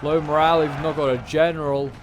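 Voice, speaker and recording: A man's voice: fairly high pitch, level tone, fast talker, a little hiss or hum. A man giving chatty play-by-play commentary on a strategy game battle, with wry asides. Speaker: gameplay commentator.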